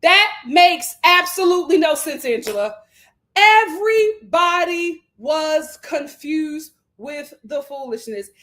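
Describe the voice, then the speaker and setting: A woman, giving an animated, gossipy live review of reality TV. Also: high voice, takes it slowly. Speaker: show reviewer.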